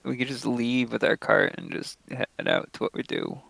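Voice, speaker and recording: A man's voice: medium pitch, level tone, moderate pace, creaky, fairly bright tone, dry recording. A man playing in a tabletop game, chatting in a joking, laid-back way. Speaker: player. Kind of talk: casual chat at a tabletop game.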